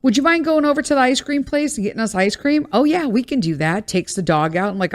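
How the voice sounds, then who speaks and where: A blunt, exasperated woman in her thirties with a light drawl, venting about home life on her podcast. Her voice sits a little high, and she swears freely as she rants in a casual, unscripted way. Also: big pitch swings, fairly quick, few pauses. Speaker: podcast host.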